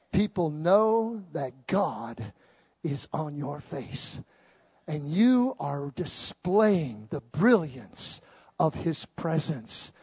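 A pastor preaching a sermon to a congregation at a church service, impassioned, swinging between loud declarations and hushed tones. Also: male voice, on the high side, slightly rough.

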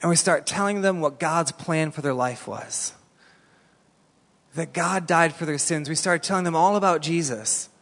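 A man's voice: on the high side, normal speed, fairly bright tone. A man preaching a sermon, telling a story animatedly in a casual, colloquial way. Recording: long reverb in a large hall.

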